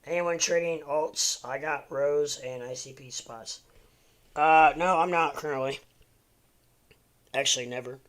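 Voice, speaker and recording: A man's voice: a little high, unhurried, long pauses, a bit bright. A man hosting a casual live stream, rambling and muttering to himself between remarks to his viewers. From American Midwest.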